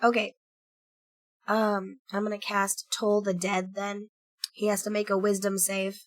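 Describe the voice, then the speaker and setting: A woman playing a tabletop game, calmly and methodically stating her character's spells and damage. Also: medium pitch, unhurried, no room sound. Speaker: player. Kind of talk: casual tabletop play.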